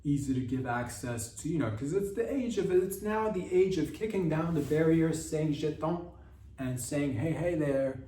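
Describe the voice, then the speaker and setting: A man's voice: on the high side, expressive, moderate pace, hardly any pauses, mellow, reverberant, far from the mic. A man hosting a podcast, riffing on the news in a rambling, mock-serious comedic way. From Canada. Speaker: podcast host.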